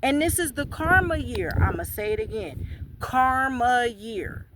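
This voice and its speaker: A woman's voice: fairly high pitch, sing-song, normal speed, background noise. A middle-aged woman vlogging outdoors while hiking, giving blunt, slangy spiritual advice and sounding out of breath. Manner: blunt, preachy, slangy, emphatic repetition. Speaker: spiritual channel host.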